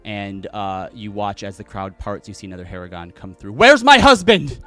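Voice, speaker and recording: A man narrating as game master in a tabletop game, in a relaxed way with many fillers. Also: deep voice, a little fast, faint music behind.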